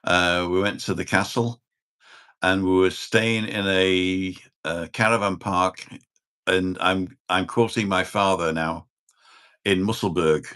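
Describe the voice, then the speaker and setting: A man in his sixties talks as a podcast guest. His very low voice carries a dry, deadpan wit, delivered plainly and without fuss. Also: slow, smooth. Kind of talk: casual chat.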